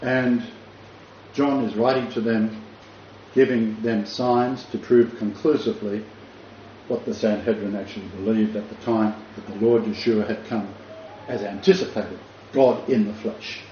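A man's voice: lowish voice, steady tone, unhurried, dark tone. Man preaching in an echoey room. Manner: imaginative, rambling with restarts and chuckles. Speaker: Bible teacher. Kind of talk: sermon with vivid storytelling. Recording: dull echoey room with faint noise.

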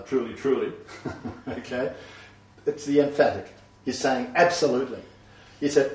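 A man's voice: fairly high pitch, a little mellow. Preacher man in an echoey hall. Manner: emphatic, builds to raised voice when quoting God. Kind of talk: sermon. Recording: roomy echo, distant mic, dull sound.

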